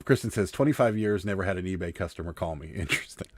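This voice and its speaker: A man's voice: low-pitched, breathy edge, dry recording. A man co-hosting a casual livestream chat about reselling, telling stories with plenty of laughter. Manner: animated storyteller, quick to laugh. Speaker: livestream co-host.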